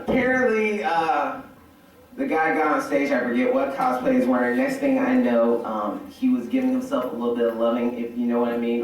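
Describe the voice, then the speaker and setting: A man doing stand-up comedy, telling animated stories and shouting profane impressions of a friend. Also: on the high side. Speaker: stand-up comic. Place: hotel convention ballroom. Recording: echoey hotel ballroom from far off.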